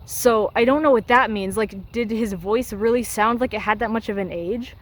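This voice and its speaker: A woman's voice: on the high side, normal speed, rough recording. A young woman giving casual critical commentary, ranting with exasperated sarcasm. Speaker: video essayist.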